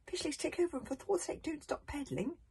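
A woman reading aloud and voicing a desperate young Viking boy who shouts urgent orders. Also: high-pitched, lively intonation, quick pace, slight background noise, voice pushed up.

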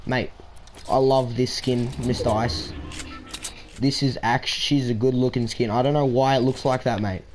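A man's voice: mid-range voice, steady tone, moderate pace, music in the background. A man chatting playfully in voice chat while gaming, putting on a broad Australian voice full of slang. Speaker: gamer trolling in voice chat.

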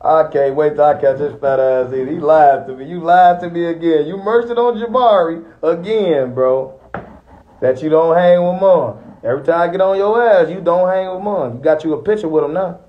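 A man's voice: fairly high pitch, normal speed, lo-fi sound, a little hiss or hum. A young man in a boastful, threatening trash-talking rant aimed at rivals. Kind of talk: taunting rant to viewers.

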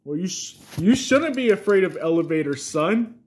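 A man's voice: high-pitched, expressive, normal speed, slight background noise. A man voicing a preachy father who lectures his son and keeps calling him "son.". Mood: lecturing. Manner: repeats "son" constantly, lecturing.

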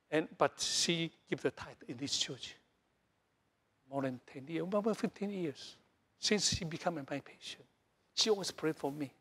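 A middle-aged man from Taiwan, a Taiwanese native speaker, preaching a sermon in broken English full of repeats and fillers, swinging between loud high bursts and soft low lines. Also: slightly rough. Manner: animated, jumps between loud highs and soft lows. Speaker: pastor.

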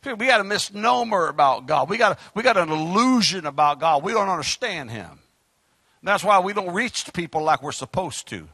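A male pastor preaching an impassioned sermon, breaking into shouts. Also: high voice, big pitch swings, normal speed, no echo. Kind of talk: fiery sermon.

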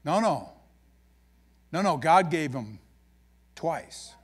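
A man's voice: on the high side, takes it slowly, breathy edge. A man with an Upper Midwest American accent preaching a sermon as pastor, folksy and joking as he tells stories. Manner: folksy, joking, animated storytelling.

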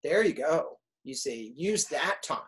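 Animated middle-aged man giving advice. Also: a little high, a little slow, low-quality recording. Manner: lively, animated storyteller acting out students. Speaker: music teacher and speaker. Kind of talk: casual advice talk.

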